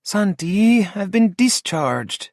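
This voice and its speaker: A man's voice: sits high, very animated, slow, vocal fry, a little mellow, no echo, studio quality, pitched above the performer's own voice, full character voice. A man reading an audiobook, voicing a stubborn young woman who protests and pleads. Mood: defiant. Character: stubborn young woman, recently discharged, defiant.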